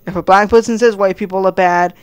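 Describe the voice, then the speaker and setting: A man's voice: sits high, fairly even intonation, fairly quick, clean tone. A man giving heated, crude reaction commentary, stammering through many restarts. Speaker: commentary vlogger.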